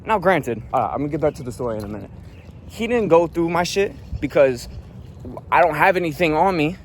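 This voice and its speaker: A man's voice: fairly high pitch, expressive, fairly quick, a little hiss or hum. A young man telling a travel story as a casual vlog rant, profane and annoyed, rambling with lots of fillers. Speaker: vlogger.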